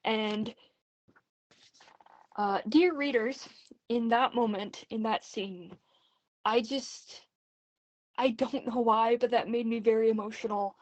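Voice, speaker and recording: A woman's voice: a little high, steady tone, takes it slowly, long pauses, dry recording, lo-fi sound. A woman chatting casually in a voice message about books she is reading, talking in an earnest, rambling, hesitant way. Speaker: book vlogger. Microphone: phone voice messaging app.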